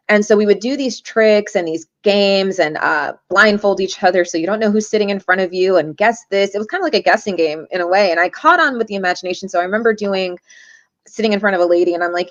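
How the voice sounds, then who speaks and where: A woman speaks as a guest in an interview, telling her stories at a mid pitch. She brings the people in them to life by doing their voices. The audio is muffled and lo-fi, like a video call. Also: no echo. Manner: lively, acts out quoted voices. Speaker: guest, shaman and tarot reader. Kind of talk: interview storytelling. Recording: dull lo-fi audio.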